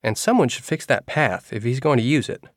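A man voicing a brisk, bossy middle-aged woman nurse in an audiobook. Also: mid-range voice, expressive, no room sound, studio quality, pitched above the performer's own voice, close to an everyday voice.

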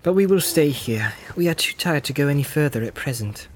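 A man doing a weary gentle hobbit. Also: fairly high pitch, brisk, a little hiss or hum, voice pushed up, close to an everyday voice. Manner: calm, tired. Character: weary, gentle young male hobbit master.

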